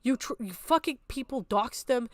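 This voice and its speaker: A woman's voice: fairly high pitch, lively intonation, normal speed, no echo. A young adult woman streaming, talking in an upset, tearful way and swearing often, close to crying. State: on the verge of tears. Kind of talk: emotional livestream talk.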